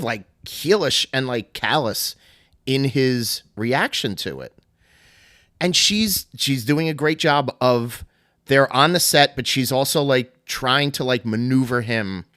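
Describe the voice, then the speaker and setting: A man's voice: mid-range voice, a bit bright, no echo, clean studio sound. A man hosting a podcast, casually retelling a story in a rambling way full of fillers and laughs. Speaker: podcast host.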